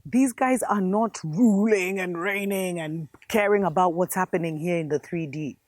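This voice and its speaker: A woman's voice: fairly low pitch, moderate pace, a little mellow, no echo. A woman host giving an impassioned spiritual commentary monologue, fervent and preachy, calling her viewers family.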